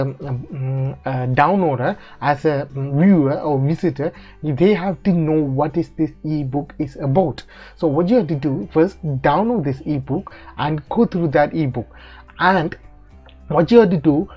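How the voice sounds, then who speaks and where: Halting man with lo-fi tutorial audio. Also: fairly high pitch. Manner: halting, many fillers and restarts, non-native phrasing. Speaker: online money-making tutorial host. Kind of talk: casual screen-recorded tutorial. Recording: dull lo-fi audio with faint music.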